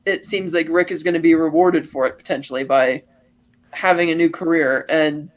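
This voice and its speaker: High-voiced man, animated movie recap. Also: moderate pace, muffled recording. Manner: animated scene-by-scene retelling, acting out lines. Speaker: podcast co-host. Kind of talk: casual film discussion.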